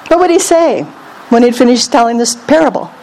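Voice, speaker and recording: High-voiced woman preaching a sermon. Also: brisk, a little hiss or hum. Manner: lively, calls on the congregation to repeat.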